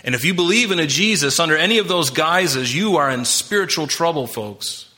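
Man, pastor, sermon, bright edgy voice, emphatic, impassioned, addresses the congregation. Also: fairly high pitch, lively intonation, a little fast.

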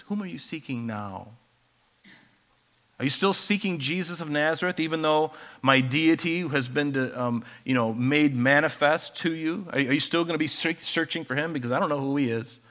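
A man's voice: medium pitch, fairly bright tone. A man preaching a sermon, reading scripture aloud and then explaining it in a conversational way.

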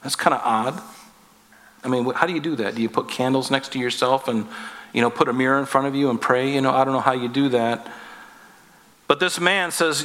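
Emphatic preacher in a reverberant hall. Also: male voice, mid-range voice, a little fast, a bit bright. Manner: emphatic, rhetorical questions with wry asides. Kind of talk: sermon.

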